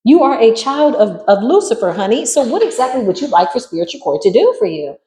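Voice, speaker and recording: A woman's voice: on the high side, sing-song, a little fast, dark tone, echoey room, poor audio. A woman giving a spiritual tarot reading in a sassy, emphatic, preachy way. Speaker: tarot reader.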